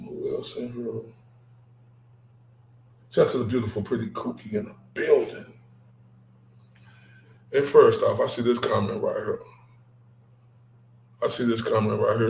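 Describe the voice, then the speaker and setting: Man hosting a livestream, gravelly, mid-pitched, loose and talky, roomy echo. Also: slight background noise. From Dallas, Texas. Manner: animated, repeats "right?" and laughs often. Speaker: livestream host. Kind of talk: casual livestream chat.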